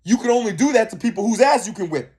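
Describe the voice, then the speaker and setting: A man's voice: sits high, lively intonation, quick pace, a little mellow. A young man co-hosting a reaction video, ranting in heated, profane casual commentary.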